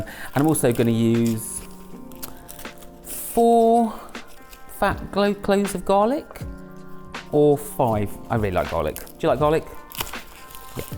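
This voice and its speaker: A man chatting casually through a home cooking video, rambling with self-mocking asides. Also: medium pitch. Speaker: home cook and channel host. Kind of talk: casual cooking vlog chat.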